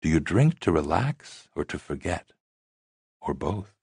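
A cool young woman who needles with dry wit and never hurries, put on by a male storyteller. She speaks deep and hushed, her slow lines carrying a husky grain. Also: very animated, no echo, full character voice. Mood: dry teasing. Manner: dry, teasing, unhurried. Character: dry-witted, self-assured young woman, a stripper.

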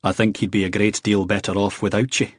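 A man reading aloud, voicing a blunt, stern man with a Scottish accent and low, deliberate menace. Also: little pitch movement, husky, dry recording, studio quality.

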